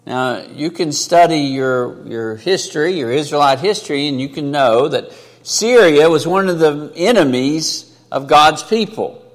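A man's voice: a little high, lively intonation, unhurried. Preaching man in a reverberant hall. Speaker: pastor. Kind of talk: sermon.

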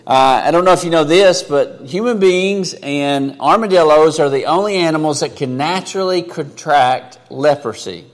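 A man preaching a sermon in an earnest, conversational way, rising for emphasis and dropping low and quiet for asides. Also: moderate pace, few pauses, long reverb tail. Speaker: pastor.

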